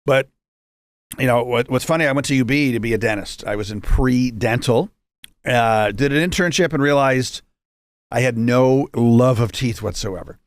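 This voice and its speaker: At a normal pace and in a mid-range voice, a Rochester, New York man in his fifties, an entrepreneur on as a guest, recounts his story in a chatty, joking style with frequent asides. There's no echo.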